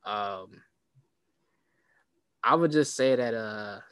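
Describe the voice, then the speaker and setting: A man's voice: on the low side, very slow, a bit bright, smooth, no room sound. A man hosting a casual sports talk show, chatty and rambling, with plenty of restarts and fillers. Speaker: podcast host.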